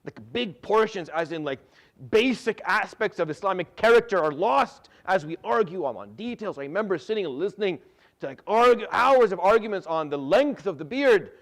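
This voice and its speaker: A middle-aged man giving a religious lesson as a Quran teacher, animated, often repeating and restarting words, with Arabic terms mixed in. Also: sits high, moderate pace.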